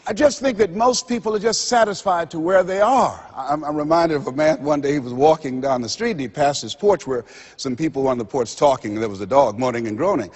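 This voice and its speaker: An older man giving a motivational seminar speech to a live audience, preacher-like, with dramatic pauses and repeated phrases. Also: a little high, darkish tone, slightly rough. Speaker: motivational speaker. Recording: long hall reverb. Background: audience laughter.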